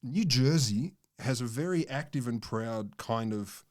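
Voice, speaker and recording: A man's voice: mid-range voice, animated, a little slow, a little mellow. A man co-hosting a science podcast, telling a story in a rambling, amused way with many restarts. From Australia. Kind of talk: casual science chat.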